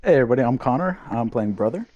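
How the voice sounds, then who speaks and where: A man plays a tabletop game, eager and joking. He talks fast with a bouncy pitch, and the sound is dry. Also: animated, a little mellow, dry recording, dull audio. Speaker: player. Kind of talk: casual tabletop role-play.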